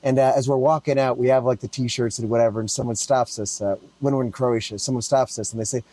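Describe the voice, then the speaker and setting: A man's voice: mid-range voice, fairly even intonation, fast, mellow, no room sound. A man hosting a podcast, chatting casually in a hesitant way with frequent "uh"s. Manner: hesitant, lots of "uh" and restarts. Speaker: podcast host and musician. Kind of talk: casual chat.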